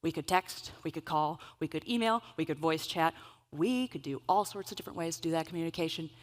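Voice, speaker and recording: A woman giving a conference keynote, telling stories in an animated, humorous way. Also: low-pitched, fairly quick. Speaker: keynote speaker. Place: event stage.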